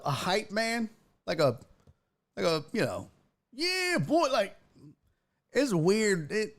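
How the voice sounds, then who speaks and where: A man hosting a casual sports stream, his pitch leaping around as he talks. He rambles at an unhurried pace and keeps breaking off mid-sentence. His voice sits a little higher than most men's. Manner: rambling, self-interrupting, exclaiming. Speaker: sports show host. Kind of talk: casual live-stream chat.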